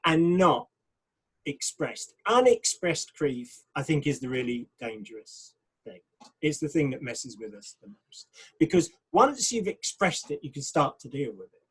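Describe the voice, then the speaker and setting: A man with a slightly high, husky voice, speaking as a pastor in a relaxed discussion. He is thoughtful and frank, and grows animated when he mimics the people he meets. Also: a little slow, rough recording. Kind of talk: casual discussion.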